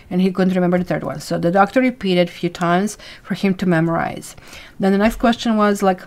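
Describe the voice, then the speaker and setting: A woman's voice: on the low side, fairly even intonation, fairly quick, darkish tone. Chatty woman tarot reader. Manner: chatty and rambling, thanks viewers by name. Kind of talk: live weekly tarot reading.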